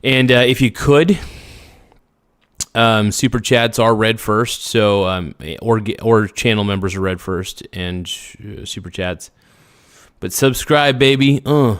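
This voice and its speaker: A man's voice: lowish voice, takes it slowly, fairly bright tone, smooth, no room sound, clean studio sound. A man hosting a casual livestream, reading viewer comments aloud and answering them in a rambling, blunt way. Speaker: livestream host.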